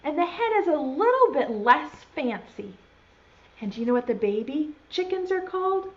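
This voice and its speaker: A woman teaching a virtual preschool lesson, talking slowly and in an exaggerated, sing-song way to small children and signing words as she goes. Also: high-pitched, very animated. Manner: uses sign language alongside speech. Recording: dull lo-fi sound.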